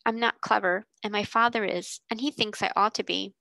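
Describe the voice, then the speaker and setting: A woman's voice: medium pitch, steady tone, fairly quick, gravelly, pushed and bright, no echo, low-quality recording. A woman voicing a timid, anxious young schoolgirl in a storybook reading, with a fretful, pleading manner.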